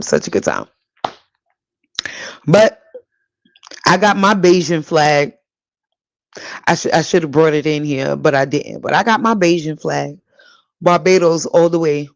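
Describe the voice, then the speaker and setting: A woman's voice: fairly low pitch, no echo, poor audio. A woman from Brooklyn with a New York accent hosting a casual solo podcast. She talks straight to her listeners and repeats lines for emphasis. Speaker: podcast host.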